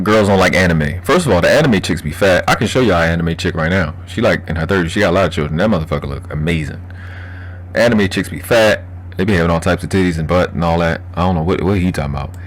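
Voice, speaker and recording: A man from Baltimore with a Baltimore accent, chatting casually and profanely on a livestream while answering chat. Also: low-pitched. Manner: loose, profane, laughing, reading chat aloud. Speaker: livestream host.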